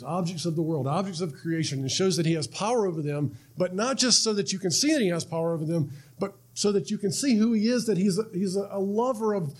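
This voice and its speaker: Conversational male preacher, fairly high voice. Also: a little mellow. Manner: conversational, repeats words, asks "right?" often. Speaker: pastor. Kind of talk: sermon.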